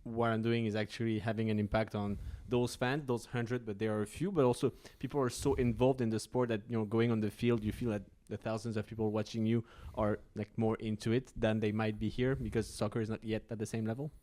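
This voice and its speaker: A man's voice: on the low side, flat delivery, a little fast, few pauses, mellow. A man hosting a podcast, giving short replies and asking long, winding questions in a casual way. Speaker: podcast host. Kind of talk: casual interview chat.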